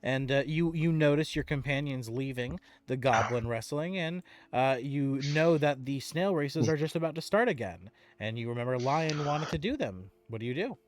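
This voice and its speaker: A man narrating a tabletop game as game master, lively and animated. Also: mid-range voice, normal speed, hardly any pauses.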